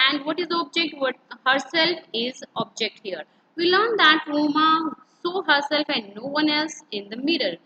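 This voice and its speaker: A woman teacher with an Indian English accent giving a grammar lesson, explaining slowly, spelling words out letter by letter and switching between English and Hindi. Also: sits high, sharp tone, a little hiss or hum. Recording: dull lo-fi recording.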